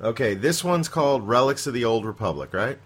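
A man's voice: mid-range voice, animated, brisk, very noisy. A man hosting a casual podcast chat, dry and teasing. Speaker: podcast host.

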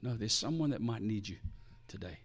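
A man preaching a sermon as pastor, passionate and animated, acting out quoted excuses from churchgoers. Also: fairly low pitch, a little fast.

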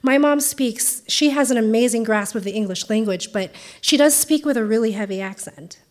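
A woman in her twenties with a Californian accent and a fairly high voice shares a personal story. She talks conversationally and often pauses on ums. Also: a little mellow. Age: 20s.

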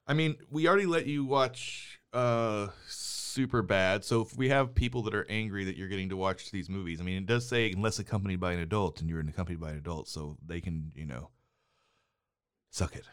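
A middle-aged man co-hosts a relaxed movie podcast, playing the wry, mock-exasperated father. His voice sits on the low side and comes across smooth and resonant. The booth sound is dry and close, with no room echo. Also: fairly quick. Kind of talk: casual movie chat. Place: studio booth.

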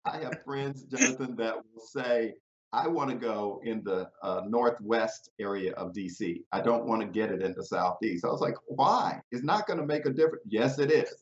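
Low-voiced man in an echoey room. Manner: measured, conversational, talks from personal experience. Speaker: guest, head of a national cities organization. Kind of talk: interview on a video call. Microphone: video call. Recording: dull, roomy video call audio.

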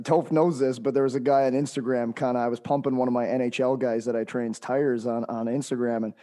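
A man's voice: mid-range voice, steady tone, brisk, mellow. A man co-hosting a podcast, speaking emphatically and addressing listeners directly. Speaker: podcast co-host and hockey trainer. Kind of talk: casual podcast chat.

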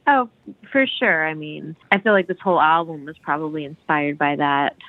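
A woman's voice: low voice, moderate pace, no room sound. A woman on a podcast, chatting casually and enthusiastically about a song, full of restarts and fillers. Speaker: podcast co-host discussing a song. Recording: dull lo-fi podcast audio.

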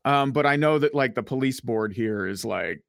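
A man's voice: medium pitch, moderate pace, vocal fry, no room sound. Rambling Canadian man, dry mic. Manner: rambling, lots of "like" fillers, swears. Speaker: podcast co-host. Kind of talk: casual profane banter.

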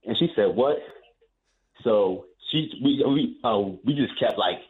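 A man calling in to a radio show, telling a rambling, animated story and repeating himself as he goes. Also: medium pitch, moderate pace. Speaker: caller. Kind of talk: telling a story on a phone call. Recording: tinny phone line.

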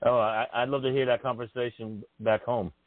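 A man reacting in a casual chat with slow, drawn-out remarks. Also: mid-range voice, little pitch movement. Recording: tinny call line with faint hiss.

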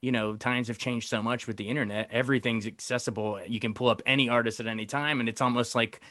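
A man's voice: medium pitch, fairly even intonation, quick pace, fairly bright tone, dry recording, clean studio sound. A man interviewing a guest, casual and rambling, with frequent fillers and easy laughter. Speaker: entertainment reporter, interviewer. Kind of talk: conversational interview.

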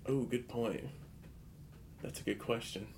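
A man's voice: medium pitch, measured pace, darkish tone, a little hiss or hum. A man hosting a casual podcast interview, laughing often and giving short reactions. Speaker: host.

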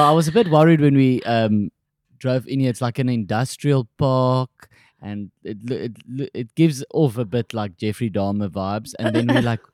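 A man's voice: mid-range voice, no echo, clean studio sound. A man hosting a podcast in a casual, jokey, rambling way. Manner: animated, jokey, rambling with restarts. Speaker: podcast host.

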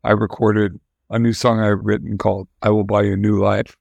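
A man's voice: lowish voice, level tone, fairly quick, gravelly, a little mellow, no echo, dull audio. An older man, a musician guest, telling long candid stories in a casual interview, rambling with restarts.

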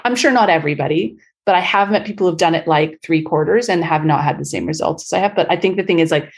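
A woman's voice: deep voice, fast. A middle-aged woman from Canada, a guest telling stories in a casual interview, chatty and full of fillers. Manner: chatty, filler-heavy storytelling.

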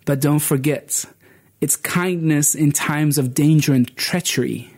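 A man voicing a wise, stern old snake in a told story, speaking in a measured, reproachful way. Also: on the high side, a little mellow.

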